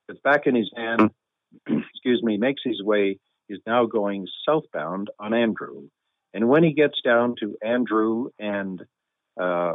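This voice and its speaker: A man recounts a story with wry, deadpan humor and easy chuckles. His voice sits low and dry. It comes through a thin, phone-like line. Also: dry recording. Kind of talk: relaxed anecdotal storytelling.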